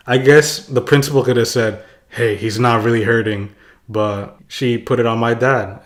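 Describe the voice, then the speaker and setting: A young man casually telling a childhood story to his viewers in a loose, rambling way, with lots of "like" and chuckles. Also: mid-range voice. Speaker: vlogger.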